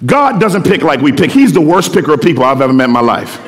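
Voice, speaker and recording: A middle-aged man preaching a sermon in a slangy, animated way, often repeating words. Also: a little high, fast talker. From Philadelphia. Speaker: pastor. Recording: echoey hall.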